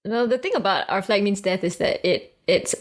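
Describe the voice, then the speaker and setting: A woman's voice: medium pitch, moderate pace. A woman hosting a podcast interview, speaking fluently and appreciatively. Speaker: podcast host. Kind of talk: casual interview talk.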